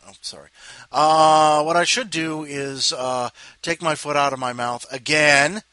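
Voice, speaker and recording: A man's voice: fairly high pitch, fairly even intonation, unhurried, pushed and bright, clear, resonant tone, dry recording. A man hosting a show, chatting casually with jokey asides and apologies between readers. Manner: self-interrupting, jokey asides, apologizes often. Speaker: host introducing readers. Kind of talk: rambling casual chat.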